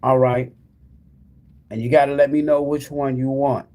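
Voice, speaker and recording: Hosting a tarot live stream, a man chats casually, gives out prizes, and speaks straight to his audience as "y'all," repeating the same calls to them over and over. His mid-range voice is mellow, with flat delivery at a moderate pace.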